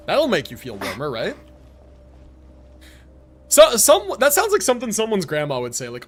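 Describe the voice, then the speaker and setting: Animated, joking male game streamer. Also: on the high side, brisk. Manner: profane, joking and rambling. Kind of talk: casual live-stream commentary. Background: game music.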